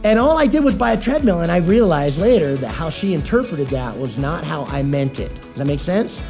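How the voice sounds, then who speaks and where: A male pastor giving a conversational sermon with a mellow, slightly high voice. He tells homely anecdotes and keeps asking his listeners whether they follow. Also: sing-song, fairly quick, faint music behind. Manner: folksy storytelling, asks the audience questions.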